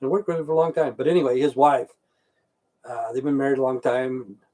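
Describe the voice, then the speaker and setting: A middle-aged man with a warm, medium-pitched voice talks briskly and with fairly even intonation on a casual livestream. He rambles through stories, swears constantly, and reads out the names of viewers in chat.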